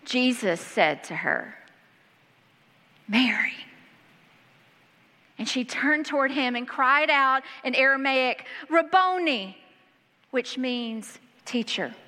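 Woman pastor, sermon in a large hall, high bright voice, long reverb. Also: measured pace, few pauses. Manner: reads scripture aloud and breaks in with lively asides. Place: church hall.

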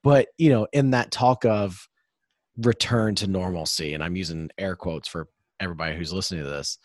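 A man's voice: low-pitched, moderate pace, dry recording, studio quality. A man hosting a casual sports podcast, rambling and upbeat, hyping up his guest. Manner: rambling, upbeat hype-style introductions. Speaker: podcast host.

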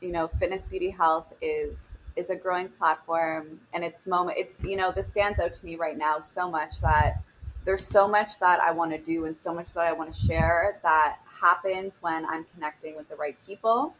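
A woman's voice: lowish voice, steady tone, moderate pace, a bit bright, poor audio. A woman fitness instructor, a guest on a podcast, talking in an earnest, motivational way and searching for her words. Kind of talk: casual podcast conversation.

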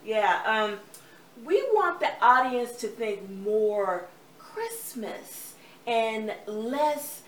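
Woman, exasperated casting director, loud calls, roomy, far from mic. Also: on the high side, expressive. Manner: brisk, exasperated, calling out loudly. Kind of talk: comedy sketch acting. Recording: roomy, distant, faint ambient hiss.

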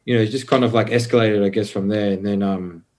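Young guy, low-ish voice, laid-back storyteller, swears freely. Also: steady tone, fast talker, a little mellow. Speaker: podcast guest. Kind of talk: casual conversational storytelling.

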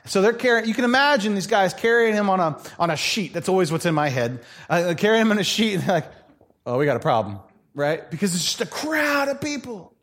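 A man's voice: high-pitched, animated, quick pace, hardly any pauses, fairly bright tone. A man preaching a church sermon, telling stories animatedly, acting out quoted voices and laughing often. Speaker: pastor.

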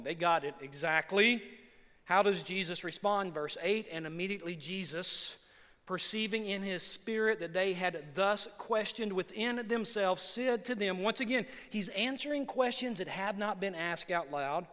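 A man preaching a sermon as pastor, animated and acting out the people in the story. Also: sits high, moderate pace. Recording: long reverb of a large hall.

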